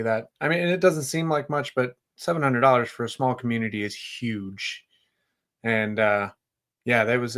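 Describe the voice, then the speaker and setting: A man's voice: mid-range voice, a bit bright, clean tone. A man being interviewed on a casual podcast about his streaming community. He speaks in an easygoing, earnest way and laughs often as he talks. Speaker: streamer guest.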